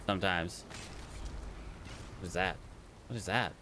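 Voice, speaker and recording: A man's voice: low voice, measured pace, noisy background. A man casually commenting as he streams a game, chatting to viewers and to creatures on screen.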